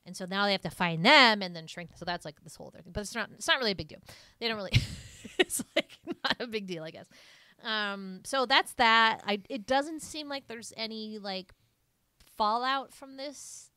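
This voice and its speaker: A woman co-hosting a podcast, casually recapping a movie in a rambling way, full of "like" and quick laughs. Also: medium pitch, sharp tone, clear, resonant tone, no room sound, studio quality. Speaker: podcast co-host.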